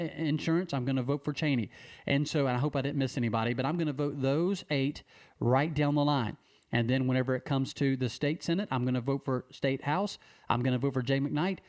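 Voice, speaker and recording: A man from Mississippi, speaking an earnest direct-to-camera appeal, repeating key phrases with slow emphasis. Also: medium pitch, darkish tone. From Mississippi, USA. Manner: repetitive, emphatic, with slow stressed phrases and restarts. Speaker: civic advocate addressing viewers.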